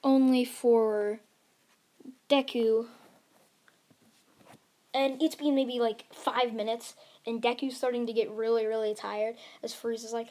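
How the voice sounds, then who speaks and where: A woman's voice: a little high, level tone, slow, long pauses, dark tone. A woman narrating an improvised fan-fiction story, rambling along with frequent restarts. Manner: rambling, with many restarts and fillers.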